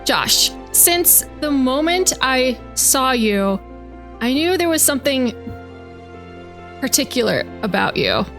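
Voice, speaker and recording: A woman's voice: sits high, sing-song, slow pace, a bit bright, soft background music. A woman playing a tabletop role-playing game, delivering theatrical in-character vows with playful laughter. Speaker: player.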